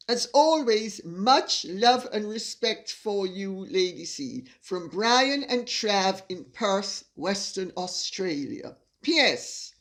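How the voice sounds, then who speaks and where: A woman's voice: mid-range voice, very animated, takes it slowly, few pauses. An older woman hosting her channel, reading viewer messages aloud and laughing often as she reads. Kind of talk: casual chat.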